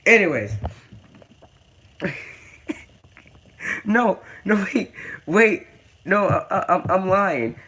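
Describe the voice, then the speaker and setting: A young man with a slightly raised pitch talks through his game commentary in a loose, chatty way. He stumbles over his words and repeats them. He keeps dropping dude and man as he goes. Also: very animated, extremely slow, long pauses, pushed and bright. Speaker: gaming video host.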